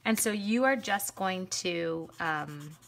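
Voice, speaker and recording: Chatty excitable woman hosting a craft stream. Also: on the low side, takes it slowly, creaky, background noise. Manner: chatty, excitable, talks to viewers while coloring. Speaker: stamping demonstrator hosting a live stream. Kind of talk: casual live-stream craft demo.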